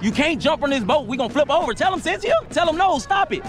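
An excited man with a very high, lively voice, cheering his family on at a lake beach. Music and a crowd of voices play behind him. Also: quick pace. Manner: excited, joking, calling out to family. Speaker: vlogger filming a family outing. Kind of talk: casual vlog chat. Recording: outdoor video with music and crowd.

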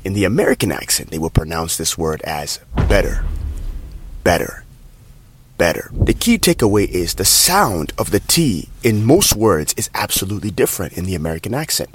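A man's voice: low-pitched, very animated, brisk, few pauses, slight background noise. A man coaching pronunciation in a short video lesson, demonstrating sounds by repeating example words several times. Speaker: accent coach.

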